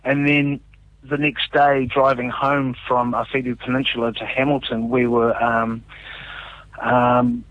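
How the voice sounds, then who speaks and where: A man's voice: mid-range voice, little pitch movement, a little slow, no room sound. Kiwi guy musician on the radio, talks earnest n loose with lots of ums, kinda dull lo-fi sound. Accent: New Zealand. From New Zealand. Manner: open, earnest storytelling with many fillers. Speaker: musician guest. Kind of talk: casual radio interview.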